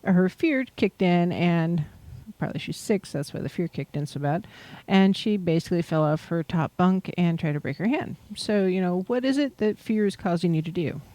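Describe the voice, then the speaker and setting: Mellow-voiced woman rambling casually. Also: on the low side, normal speed, hardly any pauses. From Pacific Northwest, USA. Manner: rambling, many fillers, laughs easily. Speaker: host. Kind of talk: casual livestream chat about chakras.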